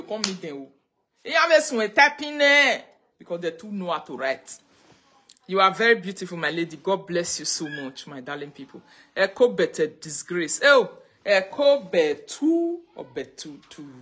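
A woman with a Nigerian Pidgin English accent hosts a casual live stream on her phone, greeting viewers, chatting, and sometimes slipping into chanted prayer lines. Her medium-pitched voice sounds pushed and bright, with a slight roughness.

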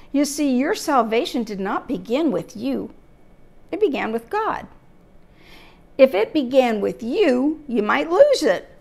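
A woman teaching a church Bible lesson, emphatic and steady, asking her listeners rhetorical questions. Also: fairly high pitch, vocal fry.

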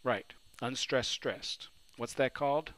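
A man's voice: mid-range voice, slow, a bit bright, rough recording. A man teaching a recorded lesson on poetry, asking his students questions and answering them himself. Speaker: literature teacher. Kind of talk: recorded lecture. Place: New Orleans.

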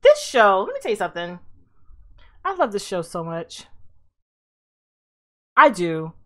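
A young adult woman giving casual reaction commentary as a host, excitable and profane with frequent exclamations. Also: mid-range voice, a little slow.

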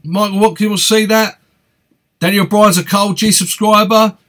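A man with an East London accent talks in a chatty, upbeat way as he hosts a live question-and-answer stream. His voice sits high for a man. He reads out viewer comments and greets people by name. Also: fairly even intonation, normal speed, fairly bright tone. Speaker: fishing channel host.

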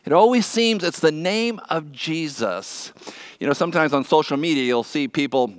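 A male pastor preaching in a conversational way, sinking his voice low and quiet on the words he stresses. His voice sits high for a man. The sound is close and dry, with little room around it. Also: animated, moderate pace, dry recording. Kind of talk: sermon. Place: church.

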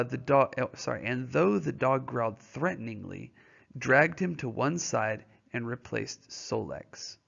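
A man's voice: mid-range voice, gravelly, a bit bright. A male teacher reading a novel aloud and explaining it to students in a patient, informal way, often checking their understanding with questions. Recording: dull lo-fi recording.

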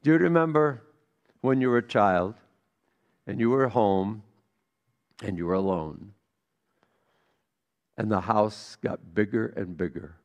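Gravelly-voiced pastor preaching a sermon. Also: male voice, lowish voice, a little slow, long pauses, dull audio. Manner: storytelling, swings from hushed to emphatic.

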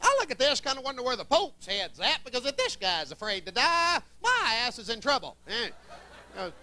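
A man's voice: very high-pitched, big pitch swings, a little fast, sharp tone, a little hiss or hum. A man with a Southern accent from Georgia doing a folksy, wisecracking stand-up set in a comedy club. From Columbus, Georgia, US.

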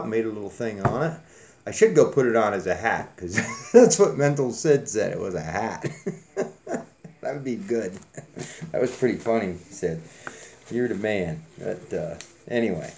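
Lively, joking man hosting a giveaway. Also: fairly low pitch, normal speed, slight background noise. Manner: joking, rambling, folksy. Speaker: channel host drawing a giveaway winner. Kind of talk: casual chat.

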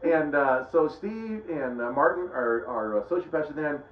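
A man's voice: fairly high pitch, animated, moderate pace. A middle-aged man giving a casual, rambling Bible teaching, often breaking off and restarting his sentences. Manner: rambling, conversational, self-interrupting. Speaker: preacher. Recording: roomy, dull lo-fi sound.

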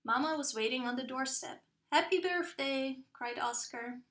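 A woman with a high, light voice reads a children's picture book aloud, gentle and unhurried. Her narration rings out in an echoey room. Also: fairly even intonation. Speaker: storybook reader. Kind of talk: children's storybook read-aloud.

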